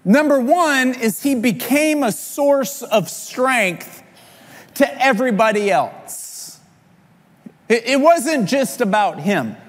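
Animated preacher man in an echoing hall. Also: extremely high pitch, slow. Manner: animated storytelling preacher, voices quoted figures. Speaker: pastor. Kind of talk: sermon. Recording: long hall reverb.

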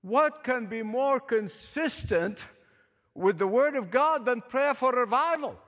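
Emphatic preacher with a lively high voice. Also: male voice, takes it slowly. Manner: emphatic, repeats for stress, asks the congregation questions. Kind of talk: sermon. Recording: echoey hall with long reverb.

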